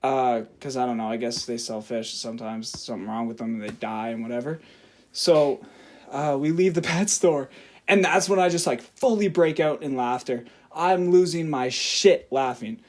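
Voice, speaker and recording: A young adult man, a podcast co-host telling a story in a casual, animated way, often laughing and swearing as he talks. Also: mid-range voice, normal speed.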